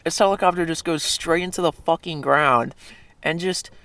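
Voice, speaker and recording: Young man, gravelly, slightly high voice, casual profane storyteller, dry close recording. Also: moderate pace, sharp tone, no room sound. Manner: profane, rambling, with frequent fillers and self-corrections. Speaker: video creator.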